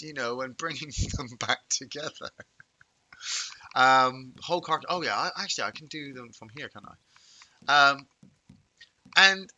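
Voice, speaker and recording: A man chatting casually with viewers while playing a game, telling rambling stories with animated chuckles. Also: mid-range voice, low-quality recording. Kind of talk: casual live-stream chat.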